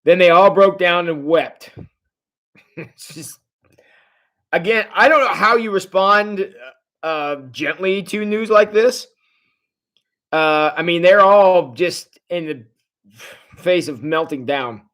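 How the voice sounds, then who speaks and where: With a high voice and a slow pace full of pauses, this pastor hosts a relaxed livestreamed Bible study. He tells the story in a lively, chatty way while responding to comments from viewers.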